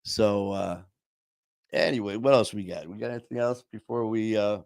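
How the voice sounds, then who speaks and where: A man's voice: on the low side, moderate pace, vocal fry, darkish tone, no room sound, studio quality. A middle-aged man hosting a podcast, telling stories in casual chat and laughing often. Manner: storytelling, laughs often, acts out voices in anecdotes. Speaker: podcast host.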